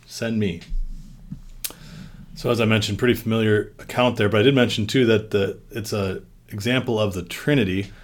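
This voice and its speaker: A man's voice: lowish voice, steady tone, fairly quick. A man leading a devotion, reading scripture aloud with rising emphasis and then talking it over plainly with a pastor. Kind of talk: Bible reading and devotional discussion.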